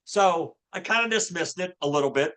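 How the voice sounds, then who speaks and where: A man's voice: high-pitched, lively intonation, normal speed, a bit bright. A man in his fifties telling a personal faith story as a podcast guest, earnest and full of restarts and fillers. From Louisville, Kentucky. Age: 50s. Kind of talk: personal storytelling in a casual interview.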